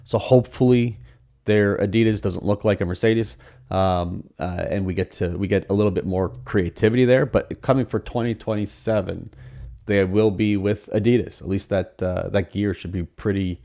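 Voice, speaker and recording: A man's voice: lowish voice, steady tone, moderate pace, gravelly, warm tone. A man hosting a podcast on his own, talking casually with many fillers and restarts. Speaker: podcast host. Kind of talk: solo podcast commentary.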